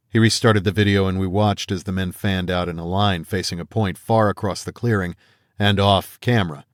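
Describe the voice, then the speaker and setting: Deep-voiced man narrating an audiobook. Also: fairly even intonation, dry recording, studio quality. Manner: measured storytelling, voices quoted characters. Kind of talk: first-person audiobook narration.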